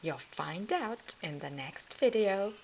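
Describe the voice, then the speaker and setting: A woman reading a humorous picture book aloud as a storyteller, slow and expressive. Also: mid-range voice, gravelly, slight background noise, low-quality recording.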